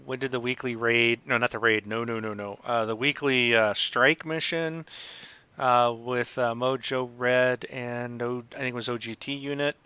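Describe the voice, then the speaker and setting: A man's voice: medium pitch, fairly even intonation, moderate pace, bright, forceful tone, clear, resonant tone, dry recording. A man hosting a casual podcast about video games, rambling with many fillers and restarts. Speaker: podcast host.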